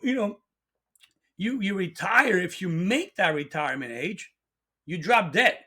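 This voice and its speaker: A middle-aged man hosting his own channel, giving an excitable opinion monologue full of restarts, asides and rhetorical questions. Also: sits high, moderate pace, breathy edge. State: coughing at times. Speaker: channel host.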